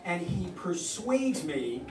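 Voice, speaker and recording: A high-voiced man spins a wry, salty story about himself, picked up from a distance in a live, echoey hall. A low hum of audience ambience sits under him. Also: sing-song, slow. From New York. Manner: wry, profane, self-mocking. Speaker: comedian telling a personal story.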